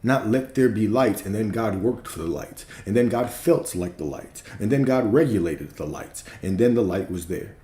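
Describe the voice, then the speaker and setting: A man gives a spiritual talk in an emphatic, preacherly way, repeating his points and dropping the odd swear word. His voice sits low and sounds dark and mellow. The recording is roomy, with a noticeable echo. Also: lively intonation, moderate pace, few pauses, a little hiss or hum. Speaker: spiritual teacher. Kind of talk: livestream teaching.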